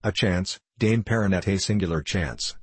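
A man's voice: low-pitched, normal speed, slightly rough, dry recording. A man reading an audiobook voices an anxious old nobleman who tutors a boy, with fretful, agitated pleading.

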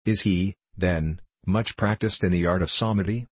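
A man's voice: low voice, fairly even intonation, normal speed, slightly rough, no room sound. A man reading as a solemn wordy singing master. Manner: formal, wordy old-fashioned speech. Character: solemn, long-winded male psalm-singing teacher.

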